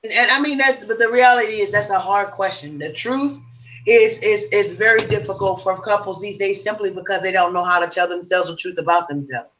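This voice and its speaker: A woman talks through her thoughts at a casual round table, reflective and advising. Her tone is bright and forceful, and her voice sits a little distant from the microphone. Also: mid-range voice, brisk, a little hiss or hum. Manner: reflective, giving advice. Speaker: co-host.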